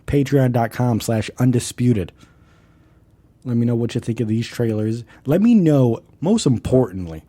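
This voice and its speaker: A man's voice: mid-range voice, warm tone, no echo. A man hosting a solo podcast, talking casually, rambling and swearing a lot with enthusiasm. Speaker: podcast host.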